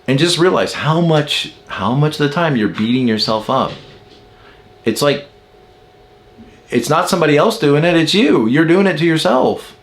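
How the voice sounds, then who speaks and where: A man's voice: on the high side, expressive, normal speed. A man giving a casual spoken lesson on personality types, musing aloud and asking rhetorical questions as he explains. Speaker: personality-type teacher.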